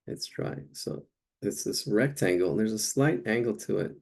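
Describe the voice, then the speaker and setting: Gravelly-voiced man teaching painting. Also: lowish voice, expressive, moderate pace, darkish tone. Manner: thinks aloud while painting, searching for words. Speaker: art instructor. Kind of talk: live painting demonstration.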